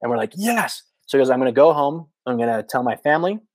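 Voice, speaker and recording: Speaking very fast in a mid-range voice, this man in his thirties, a former missionary guesting on a podcast, animatedly tells a casual story. He leans on "like" constantly and acts out quotes. The recording is dry and rough.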